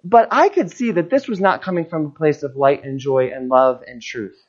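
Informal church sermon, guest preacher, storytelling, animated, muffled lo-fi sound. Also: medium pitch, normal speed. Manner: animated storytelling, acting out the people it quotes. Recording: dull lo-fi recording.

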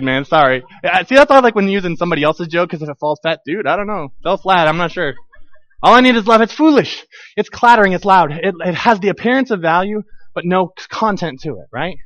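A man preaching a sermon in a lively, conversational way, acting out little scenes and asides as he goes. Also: sits high, dry recording. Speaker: pastor.

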